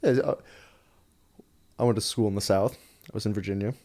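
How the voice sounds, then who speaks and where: A young man with a New York accent, a podcast guest telling stories in casual, animated chat with lots of swearing. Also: on the low side. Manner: rapid, animated storytelling with frequent swearing and laughter.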